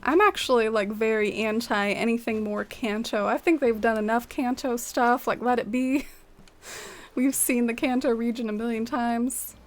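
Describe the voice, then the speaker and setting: A woman's voice: on the high side, fairly even intonation, measured pace. A young woman streaming a game and chatting casually with viewers, filling her talk with "like" and "um" and laughing often. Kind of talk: casual gameplay chat with viewers.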